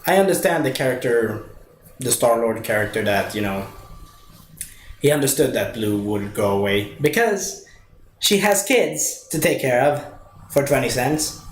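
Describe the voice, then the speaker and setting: A man casually reviewing a movie, rambling with many fillers and restarts. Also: fairly high pitch. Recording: echoey room with faint noise.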